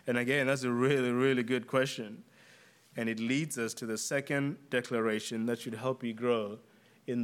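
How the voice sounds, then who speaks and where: A man's voice: medium pitch, a bit bright. A man with a noticeable accent preaching a sermon, earnest and emphatic, repeating key phrases for weight. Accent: non-native English accent. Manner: earnest, emphatic with deliberate repetition.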